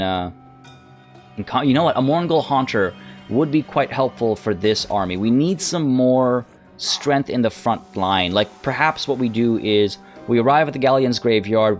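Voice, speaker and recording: Man musing through a strategy game. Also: mid-range voice. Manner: thinks aloud, hesitant and musing. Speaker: let's play host. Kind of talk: gameplay commentary.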